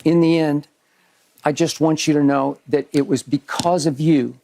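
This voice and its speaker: A man hosting a sports debate show, giving an earnest, measured on-air tribute with emphatic repetition in a TV studio. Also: on the high side, steady tone, creaky, dark tone.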